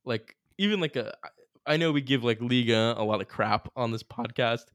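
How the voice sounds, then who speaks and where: A young man chatting on a podcast, his talk full of fillers and restarts. He turns animated and laughs easily, at a middling pitch. The recording is dry, with no room sound. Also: moderate pace, no room sound. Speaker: podcast co-host. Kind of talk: casual chat.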